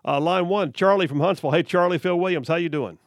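A male talk radio host with a gravelly, slightly raised voice, pressing his point with rhetorical questions and stumbling restarts. His studio mic sounds close and dry. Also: sits high, fast talker, no room sound. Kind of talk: opinionated talk radio monologue. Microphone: studio microphone.

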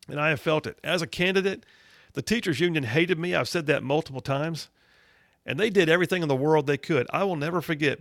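A man hosting a conservative talk radio show, telling stories in a folksy, animated way. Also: medium pitch, vocal fry, no room sound, clean studio sound.

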